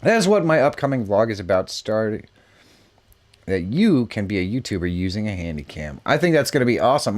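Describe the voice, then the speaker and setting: A man's voice: fairly low pitch, very animated, brisk, darkish tone. A middle-aged man hosting a live stream, chatting casually, reacting to messages and laughing often. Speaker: live show host. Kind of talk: casual live-stream chat reading comments.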